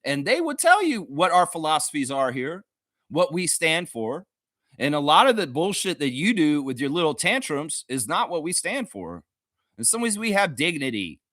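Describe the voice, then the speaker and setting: A man's voice: fairly high pitch, a bit bright, dry recording, clean studio sound. A man hosting a sports talk show, ranting in a mocking, profane way. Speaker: host.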